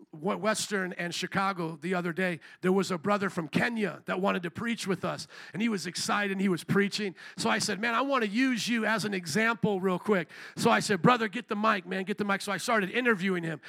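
A man's voice: sits high, gravelly, pushed and bright. A man preaching a sermon with passion, firing rhetorical questions at the congregation and calling for amens. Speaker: pastor.

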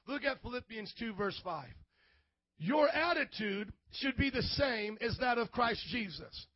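High-voiced man preaching a sermon. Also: animated, unhurried, no echo, highs cut off. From grew up in an Italian family. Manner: call-and-response preaching, asks congregation for amens; acts out quoted voices. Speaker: pastor.

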